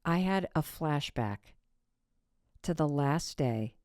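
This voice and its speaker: This podcast host, a woman in her fifties from Michigan, speaks in a low, slightly mellow voice with lively intonation and a slow pace. She tells a personal story expressively, whispering her asides and cursing offhandedly, and the studio sound is clean with no echo.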